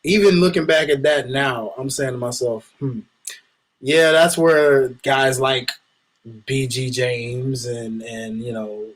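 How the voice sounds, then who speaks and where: A man's voice: medium pitch, steady tone, slow, rough recording. A man guesting on a casual wrestling review podcast, laid-back and laughing often as he talks.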